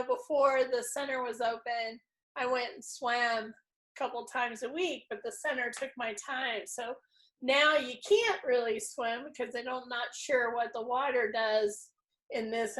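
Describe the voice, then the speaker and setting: A woman's voice: a little high, a bit bright. A middle-aged woman hosting a casual spiritual interview, effusive and openly emotional. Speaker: host.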